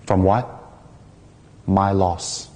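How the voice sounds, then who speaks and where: A man from the United States, a Buddhist teacher, giving a dharma talk through a lively personal story in which he acts out the people in it. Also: low-pitched, very slow, big-room sound.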